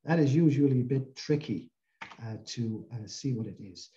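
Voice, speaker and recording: A man's voice: mid-range voice, animated, normal speed, warm tone, highs cut off. A man giving an academic linguistics lecture, explaining slides step by step. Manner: explanatory, walking through slides. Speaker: linguistics professor.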